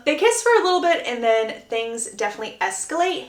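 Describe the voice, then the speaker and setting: A woman recapping a book plot in a chatty, animated, gossipy way. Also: high voice, brisk, few pauses. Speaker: book reviewer. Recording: echoey room.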